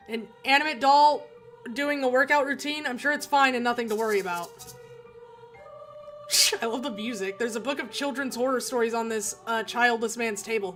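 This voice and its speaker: A woman streamer playing a game, reading its text aloud in a chatty, giggly, halting way. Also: fairly high pitch, a bit bright.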